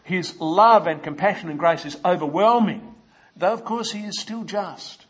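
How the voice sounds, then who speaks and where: An Australian man delivers an expository sermon, explaining things in a measured way, dropping lots of "uh" fillers and turning aside to address listeners. His voice is high, fairly bright and husky, and the audio sounds dull.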